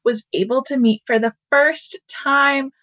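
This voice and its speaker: A woman guest on a podcast, chatting in a relaxed, friendly way. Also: high voice, a little slow, no room sound, poor audio. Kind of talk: casual interview chat.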